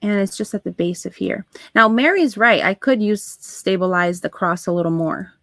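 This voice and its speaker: A woman hosting a live crafting stream, chatting to her viewers as she works, with soft asides under her breath. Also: medium pitch, normal speed, dry recording. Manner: talks to chat viewers while working, soft asides. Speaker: craft livestream host.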